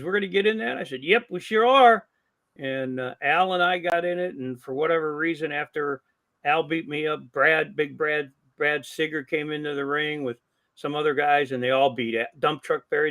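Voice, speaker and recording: An older man with a voice that sits a little high talks as a guest on a casual podcast. He is a veteran wrestling promoter who tells long, animated stories and acts out the lines of the people in them. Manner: animated storyteller who acts out quoted dialogue. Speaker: guest, longtime wrestling promoter and ring announcer.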